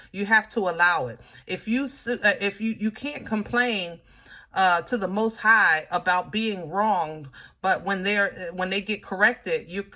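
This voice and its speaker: A woman's voice: medium pitch, pushed and bright. A woman giving a casual tarot reading, talking straight to her viewers in an emotional, frustrated way, full of fillers and restarts. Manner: drawling, with many fillers and restarts. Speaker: tarot reader.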